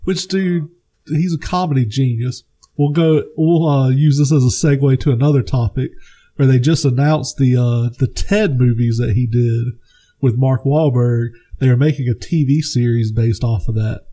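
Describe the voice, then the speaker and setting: Animated man telling stories on a podcast. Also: medium pitch, moderate pace. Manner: animated storyteller, swears freely, acts out movie quotes. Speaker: podcast co-host. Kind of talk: casual chat.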